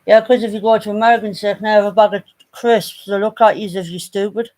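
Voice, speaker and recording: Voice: medium pitch, steady tone, a little mellow. A vlogger, chatting casually in a blunt, teasing way. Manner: blunt, teasing, quick to jab. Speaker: family channel vlogger. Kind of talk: casual chat.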